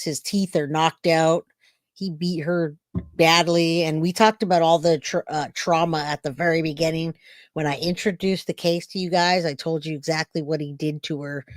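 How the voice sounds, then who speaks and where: A woman's voice: deep voice, dry recording, clean studio sound. A woman narrating and explaining police footage in a plain, explanatory way for a true crime video. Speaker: commentator presenting footage.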